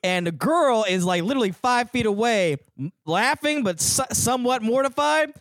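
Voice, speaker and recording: A man co-hosting a podcast, telling a story in casual chat and shouting the punchlines. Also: very high voice, lively intonation, normal speed, no echo. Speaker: podcast co-host.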